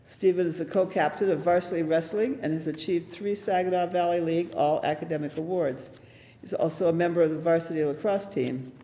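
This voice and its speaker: A man's voice: a little high, a little fast, slight background noise. A man acting as emcee, reading award citations at a ceremony. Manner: steady, formal reading. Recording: hall reverb.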